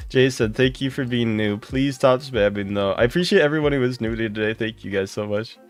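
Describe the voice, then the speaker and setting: A livestreamer in casual chat with viewers, warm and thankful, greeting people by name and breaking into giggles. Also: medium pitch, fairly quick.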